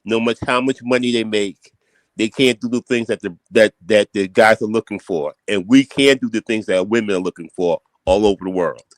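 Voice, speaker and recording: A man's voice: lowish voice, fairly quick, no echo, low-quality recording. A man on a livestream panel insisting on his point, repeating himself with restarts. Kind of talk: opinionated livestream talk.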